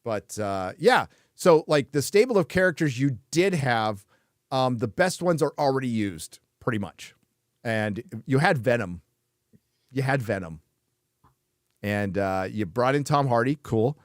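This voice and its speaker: A man's voice: medium pitch, animated, a little slow, no echo, studio quality. A man hosting a casual chat show, blunt and frequently swearing, laughing between remarks. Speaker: host.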